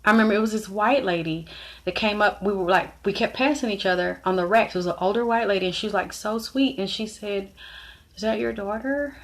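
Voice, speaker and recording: A middle-aged woman vlogger talks fast in a mid-range voice, telling her viewers a personal story directly. She's blunt and frank, and when quoting other people she acts out their lines in shifted voices.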